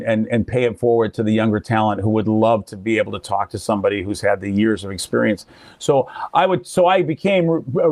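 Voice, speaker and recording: A medium-pitched older man, a radio figure, swaps stories in casual conversation and acts out each person he quotes with animation. The sound is clean studio audio with no room sound.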